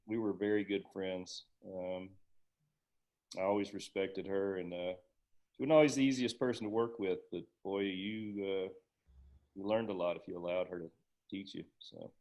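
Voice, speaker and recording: Relaxed middle-aged man telling anecdotes. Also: sits low, normal speed, poor audio. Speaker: podcast guest, retired school administrator. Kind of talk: casual interview chat.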